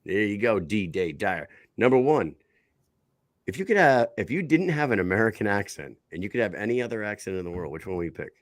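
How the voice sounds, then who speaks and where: A man with a fairly low voice co-hosting a casual podcast. He rambles and jokes, stacking up fillers as he talks. The sound is dry and close to the mic. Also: very animated, brisk, no room sound. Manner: rambling, lots of "like" fillers, jokey. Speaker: podcast co-host.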